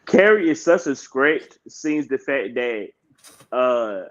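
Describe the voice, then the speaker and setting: A man co-hosting a wrestling podcast, ranting in a casual, profane way that climbs higher when he gets heated. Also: takes it slowly, dull audio. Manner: animated, profane, rants and rises in pitch when heated. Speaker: podcast co-host.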